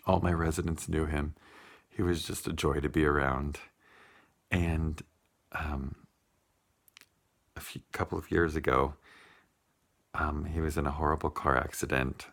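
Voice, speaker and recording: A man telling a heartfelt personal story in a vlog, unhurried, with many pauses and fillers. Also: a bass voice, fairly even intonation, vocal fry, fairly bright tone. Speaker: vlogger.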